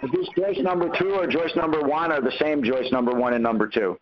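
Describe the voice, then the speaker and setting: A man's voice: on the high side, steady tone, a little fast, a crowd in the background. A man hosting a call-in Q&A who coaches callers and acts out the conversations he quotes. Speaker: host answering callers' questions. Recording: muffled lo-fi call audio.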